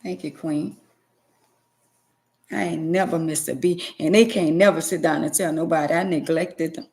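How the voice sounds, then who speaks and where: A woman's voice: low-pitched, steady tone, normal speed, darkish tone. A middle-aged woman vlogger giving an emotional personal testimony to her viewers, emphatic and preachy, repeating phrases for stress.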